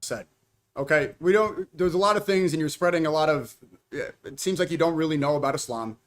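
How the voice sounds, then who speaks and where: A man in a heated debate, defensive and quick, trying to steer back to his own point. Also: fairly high pitch. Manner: defensive, quick, keeps redirecting.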